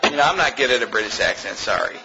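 An American pastor preaching a sermon in an animated, mocking way, laughing often. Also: male voice, medium pitch, quick pace, dull audio, a crowd in the background.

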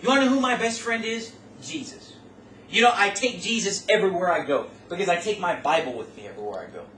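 A man's voice: high voice, animated, fast talker, fairly bright tone. A middle-aged man preaching a sermon, exhorting his listeners with rhetorical questions and folksy asides that rise to emphatic peaks. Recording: roomy, distant mic, faint room noise.

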